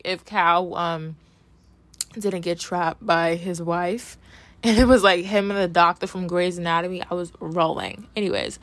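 A young woman casually recapping a TV episode, chatty and animated, full of fillers, acting out what characters said. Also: medium pitch, no echo. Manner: animated gossip, lots of "like", acts out characters' lines. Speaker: TV recap vlogger.

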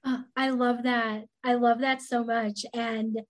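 A woman hosts a podcast in a soft, soothing voice that sits a little high. She talks unhurriedly and hesitantly, often pausing on filler words. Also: level tone. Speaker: podcast host. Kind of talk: podcast interview conversation.

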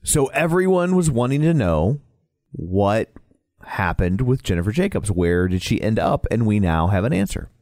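A man's voice: fairly low pitch, very animated, normal speed, a little mellow, no echo, studio quality. A man co-hosting a podcast in casual chat, playful and agreeable, with joking banter. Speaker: podcast co-host.

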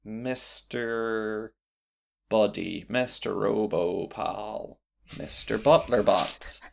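A man's voice: fairly low pitch, extremely slow, gravelly. A man hosting a podcast, chatting casually and playfully while reading out listener suggestions. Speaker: podcast host. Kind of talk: casual chat.

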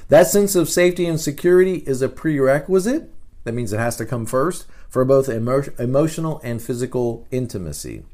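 A middle-aged man hosting a podcast, giving a casual talk as a teacher, animated and often repeating words. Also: medium pitch, fairly quick. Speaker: podcast host.

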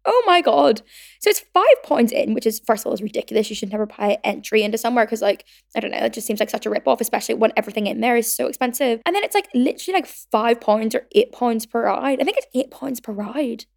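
A woman's voice: fairly high pitch, lively intonation, quick pace, creaky, few pauses, a little mellow. A woman in her twenties with a Belfast accent, hosting a podcast in a chatty way, packing her talk with "like" and acting out the quotes in her stories. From Northern Ireland. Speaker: podcast host. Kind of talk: casual chat.

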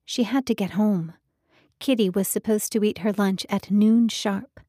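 Woman narrator, audiobook reading, measured delivery, dry close mic sound. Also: medium pitch, steady tone, mellow, slightly rough, no echo. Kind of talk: scripted narration.

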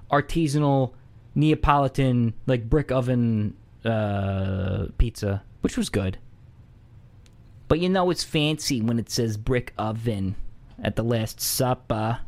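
A man casually telling a comedic anecdote, conversational with many fillers and asides, getting louder and higher as the story heats up. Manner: animated, rising excitedly when impersonating locals.

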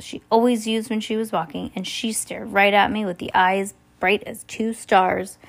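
A woman reading a children's book aloud casually, often restarting and correcting herself. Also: medium pitch. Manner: reads with frequent restarts and corrections. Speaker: reader.

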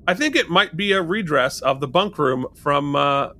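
A man with a slightly high, bright voice chats through an episode recap. His pitch swings widely as he talks. He quotes scenes with animated energy. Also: normal speed. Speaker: podcast co-host. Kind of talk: casual chat.

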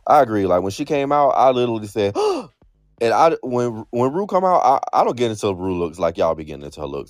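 A man's voice: medium pitch, fairly quick, no echo. A man co-hosting a podcast, chatting casually about a reality show and acting out his own reactions. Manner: expressive, swears, acts out his own reactions. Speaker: podcast co-host.

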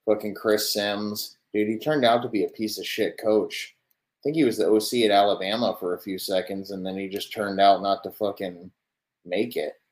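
Deep-voiced profane young man streaming. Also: fairly even intonation, moderate pace, poor audio. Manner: profane, swears constantly; loose and rambling, talks to viewers. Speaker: streamer reacting to football highlights. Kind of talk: casual live-stream commentary.

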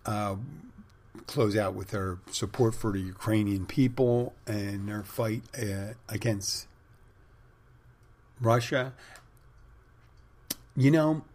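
A man's voice: on the low side, slow pace, long pauses, a little mellow. A man hosting a podcast, telling a rambling casual story with many fillers and restarts. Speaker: podcast host; bartender and spin instructor. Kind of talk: casual monologue.

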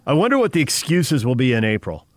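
A man's voice: mid-range voice, no room sound, clean studio sound. A man co-hosting a morning sports radio show, who reads out listener messages and promotes upcoming segments in a joking, bantering way. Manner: lively, joking, quick banter.

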